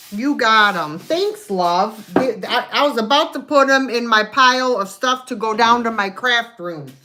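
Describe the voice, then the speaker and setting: A woman runs a live sale stream, describing items and counting down each sale in a chatty, folksy way. Her voice sits a little high, and she talks at an unhurried pace. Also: bright, forceful tone, a little hiss or hum.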